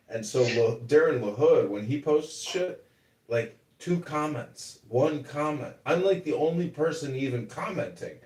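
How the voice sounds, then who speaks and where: Animated, profane man chatting casually. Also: on the low side, recorded from a distance. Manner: profane, rambling, mocking. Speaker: podcast host and political candidate. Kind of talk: casual chat. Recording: roomy room, away from the mic.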